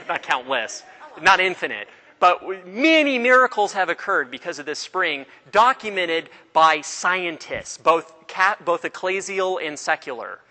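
A man with a bright, fairly high voice gives a classroom lecture on religion. He quizzes his students, tells stories, and often breaks off to restart a sentence. The sound rings with a long room reverb. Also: big pitch swings, a little slow. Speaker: religion teacher.

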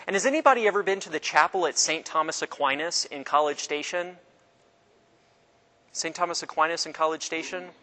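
A man teaching a class in a relaxed, halting way, with many fillers and restarts. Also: a little high, rough recording. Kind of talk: informal classroom lecture.

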